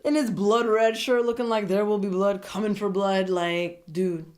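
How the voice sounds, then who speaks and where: A woman giving a casual, opinionated recap of a TV episode, chatty and quick to slip into playful voices. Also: medium pitch. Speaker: TV show recap vlogger. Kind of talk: casual commentary monologue.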